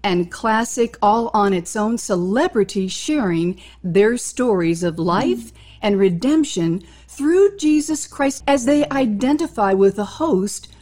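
Slow, formal woman introducing her guest. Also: mid-range voice, animated, darkish tone. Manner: flowery, measured and formal phrasing. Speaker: interview host.

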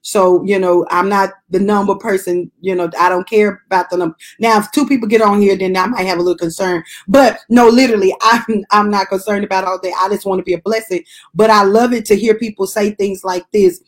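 A woman pastor hosts a morning devotional podcast, preaching in a loose, conversational way. She talks straight to her listeners, hammers points home by repeating them, and laughs often, at a pitch typical for a woman. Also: a little fast. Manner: lively, repeats phrases for emphasis, laughs often; addresses listeners directly and casually.

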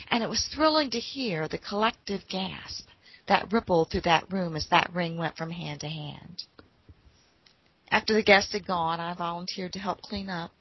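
A woman telling a personal story in an unhurried, folksy way. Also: mid-range voice, no room sound, highs cut off.

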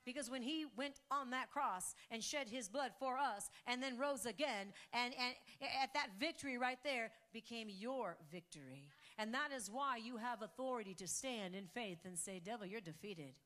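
A woman delivers a fervent sermon in a bright, fairly high voice. She climbs into soaring exclamations and drops into hushed, intense stretches, urging listeners on. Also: moderate pace, hardly any pauses. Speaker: preacher.

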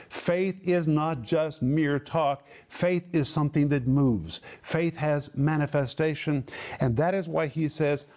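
A man giving a televised Bible teaching, reading scripture slowly and explaining the Greek words. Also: on the high side, darkish tone. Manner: slow emphatic phrasing of scripture quotes.

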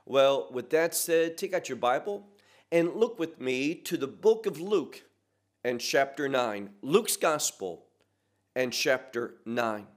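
A man's voice: mid-range voice, expressive, slow pace. A man teaching a sermon verse by verse, earnest and emphatic, asking the listeners rhetorical questions. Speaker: pastor. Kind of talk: expository Bible teaching.

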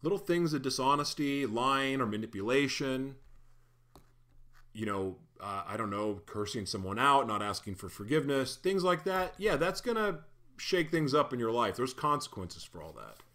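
A man delivers a sermon in an easygoing, conversational style, full of animated asides and playful tangents. His voice sits in a middle register. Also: mid-range voice, normal speed. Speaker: pastor. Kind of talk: casual sermon.

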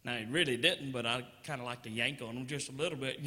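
A man from Georgia with a Southern American accent, doing animated stand-up storytelling and teasing the crowd. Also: medium pitch, a little fast, hardly any pauses, long reverb tail. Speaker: comedian. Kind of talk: stand-up comedy.

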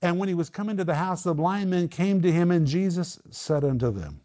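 A man preaching a sermon, animated, acting out the voices of the people in the story as he tells it. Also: high-pitched, a little fast, few pauses.

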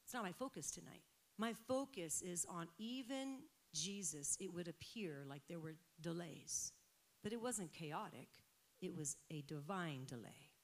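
A woman with a lowish voice preaches a passionate sermon, sinking into quiet stretches before climbing to loud, emphatic peaks.

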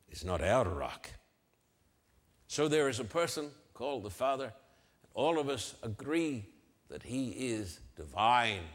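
An older man preaching a sermon, slow and emphatic, repeating key phrases for weight. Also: mid-range voice. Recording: long reverb of a large hall.

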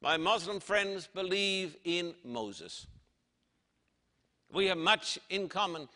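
A man preaching in a big reverberant hall, with a bright, ringing voice. He speaks very slowly and dramatically, leaning hard on quoted lines. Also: high-pitched, expressive. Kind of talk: sermon.

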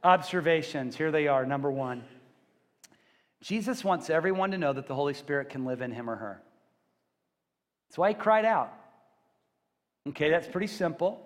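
Joking pastor preaching in an echoing hall. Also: male voice, fairly high pitch, moderate pace, long pauses. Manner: animated, joking, acts out loud screams and shouts. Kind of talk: sermon.

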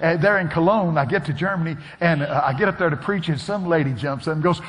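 Animated preacher in a reverberant hall. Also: male voice, fairly high pitch, normal speed. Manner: animated storytelling, shouting the punchlines. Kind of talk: sermon. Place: church sanctuary.

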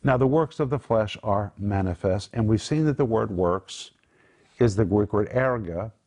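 A man's voice: on the low side, normal speed, a little mellow. A man teaching from the Bible on a Christian talk show, earnest and emphatic, praying aloud for viewers.

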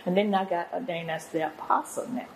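A woman's voice: lowish voice, fairly quick, a little hiss or hum, poor audio. An older woman, a guest apostle and pastor, telling her testimony in an interview in an earnest, preacherly way.

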